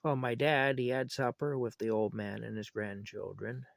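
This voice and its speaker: A man's voice: mid-range voice, level tone, normal speed, creaky. An older man telling family stories in a rambling, folksy, chuckling way while feeling unwell. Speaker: vlogger. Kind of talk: casual storytelling.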